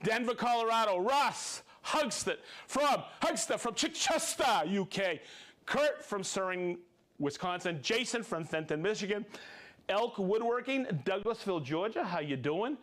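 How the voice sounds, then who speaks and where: Man, livestream host, upbeat, cheering, animated, reading viewer shout-outs. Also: sits high, unhurried. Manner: upbeat, cheering, chatty asides.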